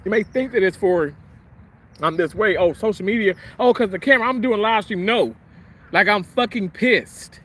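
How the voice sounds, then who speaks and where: A man's voice: sits high, moderate pace, a bit bright, a little hiss or hum. A man hosting a livestream and ranting angrily, swearing heavily and repeating himself as he vents. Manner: profane, heated, repetitive. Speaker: livestream host. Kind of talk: angry livestream rant.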